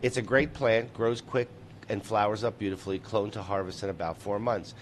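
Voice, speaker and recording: A man's voice: fairly low pitch, steady tone, fairly quick, a little hiss or hum. A man hosting a casual late-night show, reading out viewer comments and chatting loosely with plenty of swearing.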